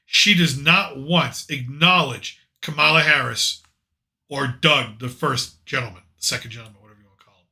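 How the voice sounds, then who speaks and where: A man's voice: mid-range voice, moderate pace, vocal fry, bright, forceful tone. A man hosting a podcast, chatting casually and jokingly about politics with rambling, opinionated asides. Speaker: podcast host.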